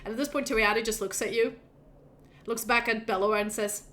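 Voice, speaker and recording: A woman's voice: fairly high pitch, steady tone, brisk, fairly bright tone, slight background noise. Woman game master, rambling narration.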